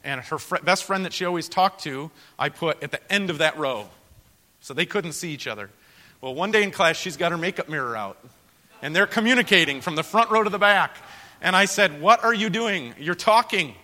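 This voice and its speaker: A man preaching to fellow pastors in an earnest, storytelling manner, swinging from loud emphasis to quiet confession. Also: a little high, expressive, fairly quick, big-room sound. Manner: earnest, storytelling, rises loud for emphasis then drops soft. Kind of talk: sermon to pastors.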